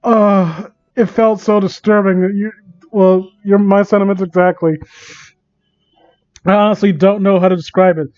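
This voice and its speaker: A man's voice: high voice, flat delivery, moderate pace, darkish tone, no echo. A man reading fan fiction aloud for comedy, with incredulous asides, on a dull lo-fi recording.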